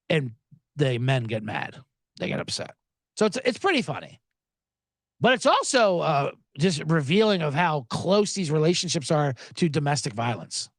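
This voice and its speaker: A man's voice: a little high, dry recording. A man hosting a sports betting podcast, ranting sarcastically with profanity and mocking voices. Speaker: podcast host.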